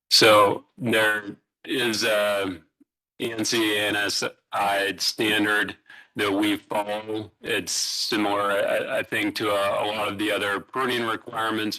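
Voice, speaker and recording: Bright-toned man explaining utility tree trimming. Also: on the low side, poor audio. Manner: halting, fillers and restarts, explanatory. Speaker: utility presenter. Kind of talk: public meeting presentation. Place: city hall meeting room.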